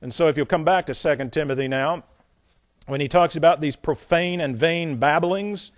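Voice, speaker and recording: Male pastor, slightly high voice, reads scripture with emphasis, blunt scornful asides between verses. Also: moderate pace. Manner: scornful, plain-spoken. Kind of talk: sermon with scripture reading.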